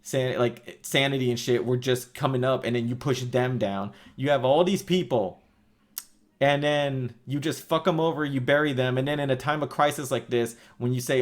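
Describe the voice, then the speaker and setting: A man in the middle of a heated rant, swearing at almost every turn. His voice sits at an ordinary middle pitch. He keeps slipping into sarcastic, mocking put-on quotes of the people he is angry at. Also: moderate pace. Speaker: wrestling vlogger.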